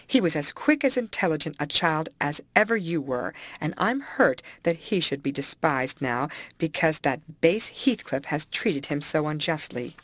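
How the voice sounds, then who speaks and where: A woman's voice: deep voice, animated, normal speed, few pauses, dry recording. A woman voicing an earnest older housekeeper who reproves a girl firmly but kindly. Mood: reproving.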